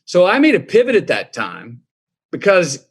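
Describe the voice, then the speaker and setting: A middle-aged man, a guest in an interview, telling his story in a reflective, drawn-out way. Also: sits high, wildly swooping pitch, breathy edge.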